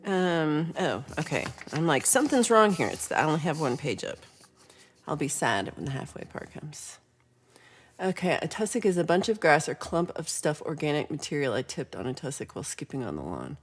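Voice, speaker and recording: A woman's voice: deep voice, big pitch swings, normal speed. A woman hosting a music livestream, chatting casually, laughing often and reading out comments from the chat. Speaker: livestream singer-songwriter host. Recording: faint guitar music behind.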